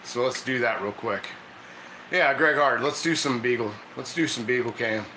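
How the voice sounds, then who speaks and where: A man's voice: medium pitch, normal speed, bright, forceful tone, roomy sound, slight background noise, low-quality recording. A man hosting a casual cooking stream, chatty and laughing often as he coaxes his dog through tricks. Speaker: cooking channel host. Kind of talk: casual live cooking chat.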